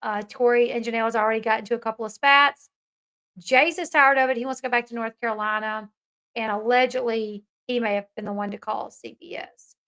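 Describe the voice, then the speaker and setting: A woman's voice: on the high side, steady tone, a little fast, a bit bright. A woman hosting a casual commentary talk, chatty and opinionated, reading out viewer comments as she goes. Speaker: host.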